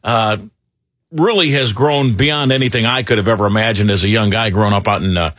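A middle-aged man hosting talk radio, rambling and animated with lots of fillers. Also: on the low side, brisk, no echo, studio quality. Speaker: radio talk show host. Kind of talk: casual talk radio banter.

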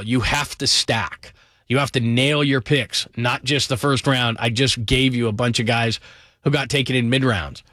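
A middle-aged man delivers a fired-up football talk monologue, hammering his points with emphatic repeats and quick asides. His voice sits in an ordinary middle register. The recording is dry and close, with no room sound. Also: medium pitch, fairly bright tone, no echo. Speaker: football commentator.

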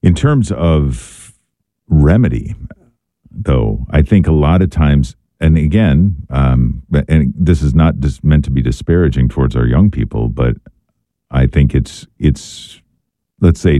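Very deep, dark-voiced male radio host. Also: animated, no echo. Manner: measured, wordy questions with fillers. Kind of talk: radio call-in talk. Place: radio studio.

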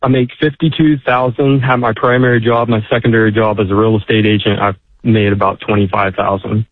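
A man's voice: on the low side, level tone, no echo. A man calling in to a radio advice show, speaking earnestly and politely. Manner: earnest, polite, quick talker. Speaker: caller. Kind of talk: call-in conversation. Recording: tinny phone line.

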